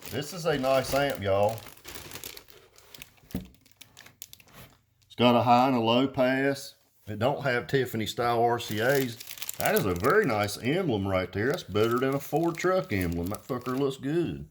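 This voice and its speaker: A man chats off the cuff while he checks out a new piece of car audio gear. He rambles from topic to topic, swears constantly, and tells his stories loudly in a jokey way. His pitch sits right in the middle for a man. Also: animated, unhurried, long pauses, a little hiss or hum. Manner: rambling, profane, loud and jokey. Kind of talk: casual unboxing chat.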